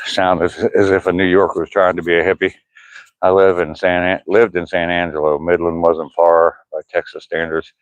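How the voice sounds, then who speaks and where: Low-voiced older man with Appalachian-tinged Ohio drawl. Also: flat delivery, moderate pace, no echo, dull audio. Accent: Southwest Ohio, Appalachian-tinged. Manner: easygoing, chatty, thinks aloud. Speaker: vlogger reading live chat. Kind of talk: casual live-stream chat while walking.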